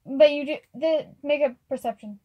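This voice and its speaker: A woman with a high voice runs a tabletop game as game master. She narrates casually, pausing often and stumbling over her words as she goes. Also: lo-fi sound, noisy background. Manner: casual, hesitant, filler-heavy narration.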